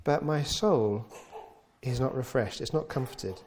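A man's voice: medium pitch, a little slow, a little mellow, a little hiss or hum. A man preaching a sermon, stressing key words by repeating them and voicing the psalmist's pleas in a raised, pleading tone. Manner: repeats key words for emphasis, occasional stumbles.

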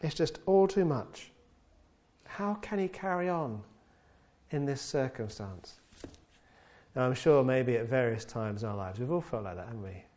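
A man's voice: medium pitch, lively intonation, moderate pace, darkish tone. A man preaching a sermon, stressing key words by repeating them and voicing the psalmist's pleas in a raised, pleading tone. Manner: repeats key words for emphasis, occasional stumbles.

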